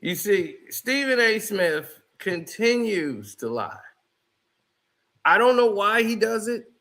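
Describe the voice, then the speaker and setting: A man's voice: high-pitched, sing-song, takes it slowly, sharp tone. A man commentating on a clip, mocking the speaker in a theatrical way. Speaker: online commentator reacting to a clip. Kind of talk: reaction commentary.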